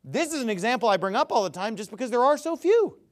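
A man's voice: very high-pitched, big pitch swings, fast. A man giving a ranting commentary, emphatic and sarcastic, who often stammers and restarts his sentences. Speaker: religious commentator.

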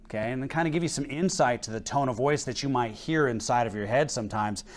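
A male pastor delivering a sermon in church, reading scripture slowly and rising to emphatic peaks as he preaches. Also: medium pitch.

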